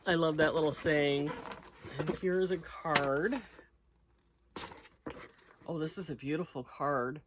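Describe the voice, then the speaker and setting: Her voice low-pitched and slow with long pauses, the crochet channel host from the United States unboxes mail against a noisy background. She chats casually, reading out notes and thanking the people who sent them.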